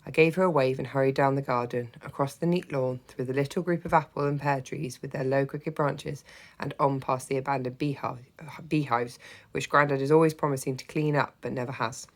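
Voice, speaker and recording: A woman with an unusually deep, low voice reads a children's story aloud. Her delivery is expressive and gently humorous, in the style of a teacher reading to a class. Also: fairly quick. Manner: expressive first-person narration, lively and gently humorous.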